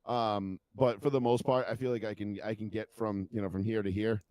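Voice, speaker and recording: Low-voiced man in loose profane chat. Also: steady tone, fairly quick, a little mellow. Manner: laughs often, swears freely, rambling. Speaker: podcast co-host.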